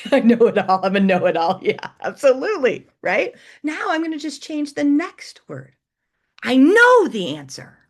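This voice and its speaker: A middle-aged woman presenting an educational webinar, coaching listeners and demonstrating how emphasis changes meaning. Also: mid-range voice. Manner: warm coaching tone, reads chat aloud, demonstrates emphasis.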